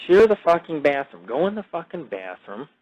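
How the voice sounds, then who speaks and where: A man's voice: a little high, big pitch swings, brisk, a little mellow. A man hosting a podcast, telling crude stories in a boastful, profane, rambling way full of fillers. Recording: dull lo-fi audio.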